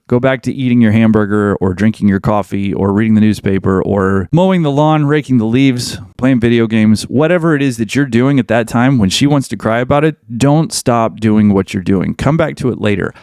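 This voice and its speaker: A man's voice: mid-range voice, darkish tone, no room sound, studio quality. A man hosting a podcast, giving blunt advice in an emphatic monologue and repeating his points for weight. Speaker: podcast host.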